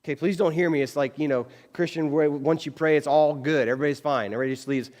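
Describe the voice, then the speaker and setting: A man's voice: on the high side, fast, hardly any pauses, long reverb tail. A man preaching a casual, conversational sermon as pastor, acting out bits of everyday dialogue. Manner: chatty, animated, acts out quoted dialogue. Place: church sanctuary.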